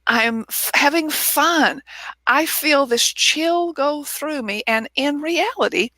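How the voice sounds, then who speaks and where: A woman guest in a casual interview, telling a personal story in an animated way and acting out the people she quotes, over a video call. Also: high voice, takes it slowly, dry recording. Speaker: author and guest.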